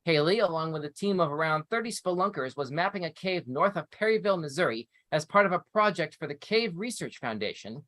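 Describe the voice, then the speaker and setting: A man's voice: a little high, animated, brisk, few pauses, a bit bright, dry recording. A man hosting a live news review show, reading articles aloud with chatty asides. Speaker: show host.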